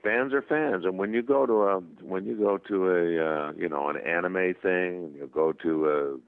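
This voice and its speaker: A man being interviewed as a guest actor, telling anecdotes in a casual, animated way. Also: deep voice, normal speed, vocal fry. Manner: animated anecdotes with voiced quotes and laughs. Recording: tinny phone line.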